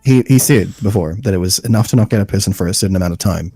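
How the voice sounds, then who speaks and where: A man's voice: low-pitched, very fast, dark tone, husky, dry recording, faint music behind. A man co-hosting a podcast, chatting casually and bluntly about an episode. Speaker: podcast co-host. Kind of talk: casual chat.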